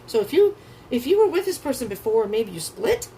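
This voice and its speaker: A woman giving a tarot reading who gushes with excitement, swears freely and breaks into gasps and laughter. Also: fairly high pitch, fairly quick, a little hiss or hum, poor audio. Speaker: tarot reader.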